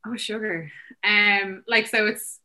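Chatty Irish woman, bright voice. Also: medium pitch, fairly even intonation. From Ireland. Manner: quick chatty talk full of fillers. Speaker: guest. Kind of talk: casual conversation.

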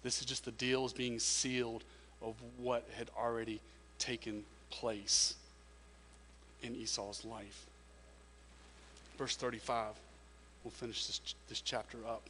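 A man's voice: medium pitch, level tone, unhurried, long pauses, bright, forceful tone, a little hiss or hum. Earnest male pastor in a reverberant hall. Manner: repeats words, earnest and emphatic. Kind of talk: sermon.

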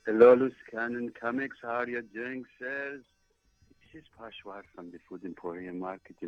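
A man's voice: medium pitch, moderate pace, soft background music, natural voice. A man voicing a crude, foul-mouthed shopkeeper leaving a blunt voicemail. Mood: complaining. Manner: crude, blunt, swears casually. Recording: muffled voicemail playback.

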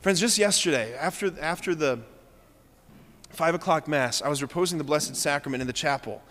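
Impassioned priest in an echoing church. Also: male voice, fairly high pitch, normal speed, fairly bright tone. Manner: earnest, impassioned, repeats phrases for emphasis. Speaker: Catholic priest. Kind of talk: sermon. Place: large church. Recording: long church reverb.

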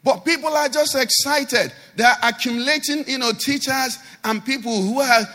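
A man's voice: very high voice, moderate pace, pushed and bright, big-room sound. A man pastor, preaching a sermon animatedly and asking the congregation rhetorical questions.

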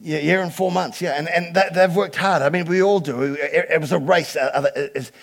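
A male pastor delivers a sermon in a high, gravelly voice. He tells stories in a chatty way and then builds to loud, emphatic preaching. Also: fairly even intonation, fairly quick.

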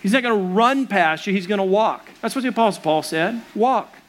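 A man's voice: high-pitched, lively intonation, brisk. A middle-aged man preaching a sermon as a pastor, earnest and conversational.

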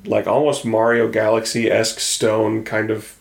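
A man co-hosting a casual gaming podcast, relaxed and halting, often trailing off. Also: lowish voice, vocal fry, reverberant. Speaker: podcast co-host. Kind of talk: casual game discussion.

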